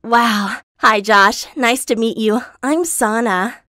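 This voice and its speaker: A woman voicing a spoiled, pushy high school girl who pleads and complains. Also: slow pace, pushed and bright, dry recording, clean studio sound. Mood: grumbling. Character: spoiled popular teen girl, pushy then humiliated.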